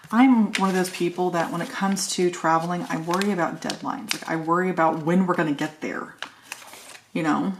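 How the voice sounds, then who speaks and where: A woman's voice: on the low side, fairly even intonation, normal speed, background noise. A woman chatting casually and thinking aloud while decorating a planner, joking at her own expense. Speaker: planner vlogger.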